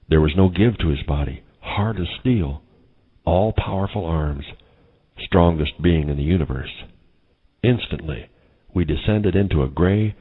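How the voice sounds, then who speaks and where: A man's voice: rumbling low, slightly rough, phone-quality sound. A man solemnly recounting a vision as a personal testimony. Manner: solemn, grave retelling of a vision. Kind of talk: testimony narration.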